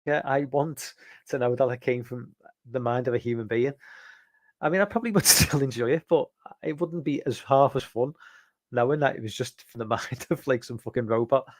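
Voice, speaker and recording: A man's voice: mid-range voice, moderate pace, dry recording. Casual stream host, male, rambling and restarting, chatting with viewers, dry close sound. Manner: rambling, many fillers and restarts; reads out and answers viewer chat. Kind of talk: casual live-stream chat.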